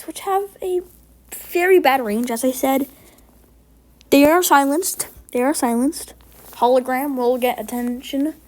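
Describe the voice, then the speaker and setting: A woman with a fairly high, darkish voice rambles through a tier list of game characters, often correcting herself mid-sentence. She sounds a little sick and short of breath as she chats casually about her rankings.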